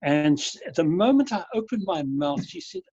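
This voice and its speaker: A man in his sixties with a softened South African accent, a guest telling good-humoured stories and enunciating carefully. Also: high voice, sing-song, moderate pace, breathy edge, dry recording, muffled recording. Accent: South African, softened by years in Europe. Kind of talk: conversational storytelling. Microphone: video call.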